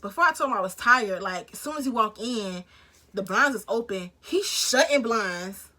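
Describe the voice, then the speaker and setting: A woman's voice: fairly high pitch, animated, moderate pace, sharp tone. A woman vlogger telling a story in a casual, slangy, profane way, acting out both sides of the conversation.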